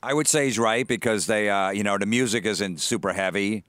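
Laid-back guy, really deep voice, casual chat. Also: fairly quick, a bit bright, no echo.

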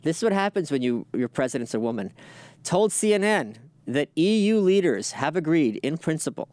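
A man's voice: a little high, sing-song, normal speed, a little mellow, no echo. A man hosting a casual news commentary show, reading headlines aloud and riffing on them in a sardonic, profane way. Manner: sardonic, profane, reads headlines then riffs. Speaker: political commentary host.

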